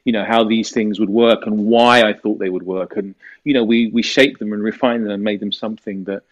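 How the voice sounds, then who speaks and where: A British man with a fairly low voice, talking as an interview guest. He rambles through his stories and leans on fillers. The recording sounds dull and lo-fi. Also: steady tone, fairly quick. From United Kingdom. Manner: rambling storyteller with many fillers. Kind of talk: casual interview talk.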